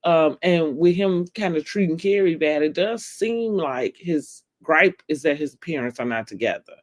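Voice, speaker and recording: A woman's voice: low-pitched, animated, moderate pace. A woman vlogger giving a casual, opinionated recap of a TV episode, talking straight to her viewers and laughing often.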